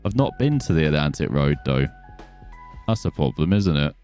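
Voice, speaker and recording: A man's voice: a bass voice, big pitch swings, moderate pace, darkish tone, faint music behind. A man giving casual, self-mocking commentary while playing a racing game. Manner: chatty, self-mocking, easily distracted. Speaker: gaming video host.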